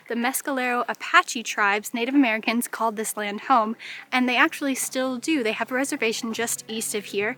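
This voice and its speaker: A woman's voice: on the high side, pushed and bright, rough recording. A woman hosting a travel vlog outdoors among sand dunes, chatty and upbeat as she explains things to viewers. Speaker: travel vlogger host. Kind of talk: casual travel vlog narration.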